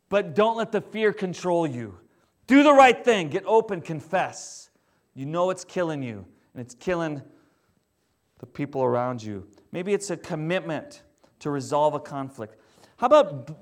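A man preaching a sermon in a conversational, animated way. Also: high voice, normal speed. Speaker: pastor.

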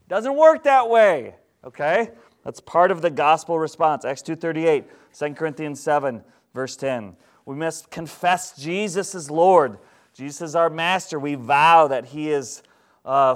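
A man preaching as pastor, teaching in a conversational, animated way and asking the congregation questions. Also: on the high side, clean tone. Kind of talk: sermon.

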